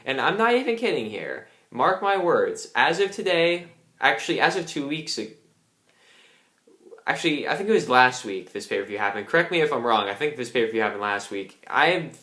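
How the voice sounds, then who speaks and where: A man's voice: mid-range voice, sing-song, normal speed, bright, forceful tone. A young man giving a casual, angry ranting review, swearing a lot. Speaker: wrestling reviewer. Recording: roomy echo.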